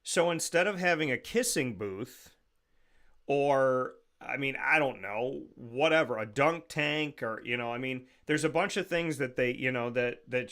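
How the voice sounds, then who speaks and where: A man's voice: medium pitch, a bit bright. A man hosting a radio show, delivering a rambling, sarcastic and incredulous monologue full of restarts.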